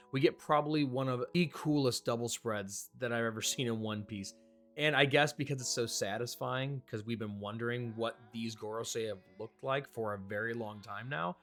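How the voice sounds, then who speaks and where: Male host, mid-pitched and chatty, enthusiastic casual commentary with faint guitar music underneath. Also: a bit bright. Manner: chatty, enthusiastic, with small restarts. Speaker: manga review host.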